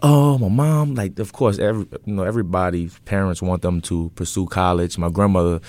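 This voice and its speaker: A deep-voiced young man talks fairly quickly as an interview guest, casually recounting his story. He owns an event business, and his relaxed, rambling telling is packed with fillers. There's no echo.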